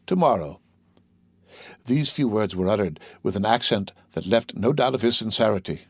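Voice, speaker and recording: A man narrating a classic novel as an audiobook with a steady, even reading. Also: lowish voice, fairly quick, dry recording.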